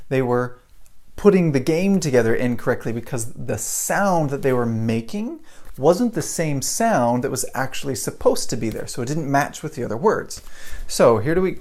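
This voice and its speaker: A man's voice: medium pitch, very animated, normal speed, a little mellow. An American man teaching English pronunciation in a live stream, chatty and repetitive, stopping to greet viewers as he goes. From United States. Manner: chatty, repeats himself, greets viewers mid-lesson.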